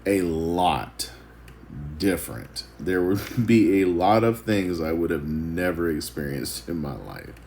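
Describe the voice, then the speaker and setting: A deep-voiced man talks through a Bible passage in a loose, rambling way. He chuckles often and pokes fun at himself. A faint hiss sits under his voice. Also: measured pace, few pauses, a little mellow. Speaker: vlogger. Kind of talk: casual devotional Bible reflection.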